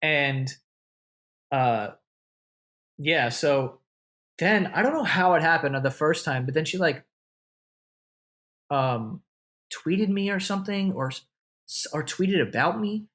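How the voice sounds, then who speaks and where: A man's voice: fairly high pitch, lively intonation, slow pace, pauses often, fairly bright tone. Loose, profane man telling a story. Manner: loose and profane, full of "like" and "you know"; acts out what others said with a raised voice. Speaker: interview guest, content creator. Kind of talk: casual storytelling in an interview.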